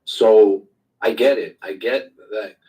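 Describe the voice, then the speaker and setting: A man in an online voice chat, calmly consoling and reassuring another participant. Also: on the low side, takes it slowly, far from the mic, rough recording. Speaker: Twitter space participant. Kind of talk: group voice chat.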